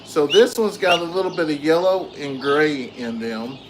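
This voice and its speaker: A man hosting a casual farm vlog outdoors, chatting with viewers and talking softly to his animals. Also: a little high, normal speed. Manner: easygoing, soothes animals softly. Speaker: farm channel host. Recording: echoey with loud outdoor noise.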